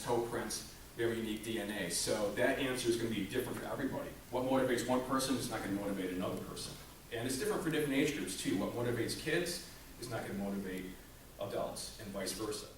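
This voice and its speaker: Joking male motivational speaker, echoey room. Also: medium pitch. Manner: joking, conversational, with frequent rhetorical questions. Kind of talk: comedic motivational talk to a staff audience. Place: staff meeting room. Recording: very echoey room, mic far off, background noise. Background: audience laughter.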